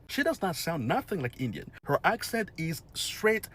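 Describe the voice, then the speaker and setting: A man's voice: on the high side, sing-song, moderate pace, hardly any pauses, fairly bright tone. A man giving reaction commentary in a mocking, scolding manner.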